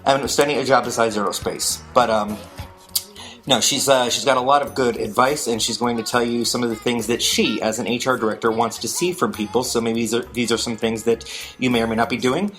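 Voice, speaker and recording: A man's voice: medium pitch, fairly bright tone. Chatty man rambling through a jokey monologue. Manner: rambling, chatty, self-mocking asides. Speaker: podcast host.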